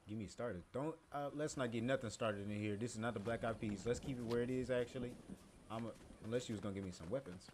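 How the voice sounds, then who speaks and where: A man's voice: medium pitch, fast, darkish tone, a little hiss or hum. Joking young male game streamer. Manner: joking, swearing, talks to himself. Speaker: streamer playing a video game. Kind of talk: casual live-stream commentary.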